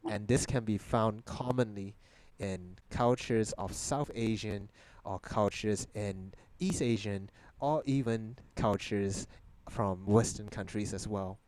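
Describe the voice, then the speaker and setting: A man's voice: lowish voice, takes it slowly, a little mellow, a little hiss or hum, poor audio. A young man from Malaysia, a native Mandarin speaker, hosting a video-call session and explaining ideas in English with rhetorical questions. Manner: lecturing, asks the audience rhetorical questions. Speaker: host.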